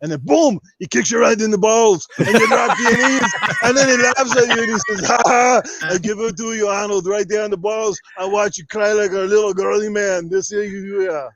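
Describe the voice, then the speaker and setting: A man's voice: high-pitched, normal speed, few pauses, fairly bright tone, pitched above the performer's own voice. A man doing a brash bodybuilder impression. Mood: mocking. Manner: brash, boastful, rambling, trash-talking. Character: boastful muscle-bound Austrian bodybuilder, adult man. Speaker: podcast guest doing an impression. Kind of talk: comedic impression in podcast chat.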